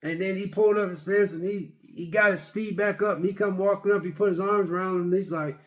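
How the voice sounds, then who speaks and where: A man's voice: high voice, fairly even intonation, fast talker. A man giving a casual, rambling movie review, retelling scenes with lots of repeats and fillers.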